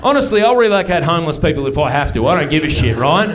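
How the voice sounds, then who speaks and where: Brash Australian stand-up comedian. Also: male voice, a little high, big pitch swings, quick pace, a crowd in the background. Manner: brash, swearing, conversational. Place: comedy club stage. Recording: live audience laughter.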